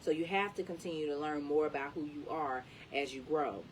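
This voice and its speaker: A woman with a deep, low voice reads an inspirational book aloud, leaning hard into the words to encourage the listener. She sits a little back from the mic, and a faint low rumble runs underneath. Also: a little fast, recorded from a distance, rough recording. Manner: emphatic, encouraging delivery. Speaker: reader.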